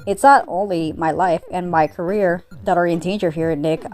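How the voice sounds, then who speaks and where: A woman's voice: lowish voice, fairly even intonation, normal speed, a little mellow, soft background music, natural voice. A woman reading the lines of an earnest young female bunny police officer in a comic, with an emotional, pleading delivery.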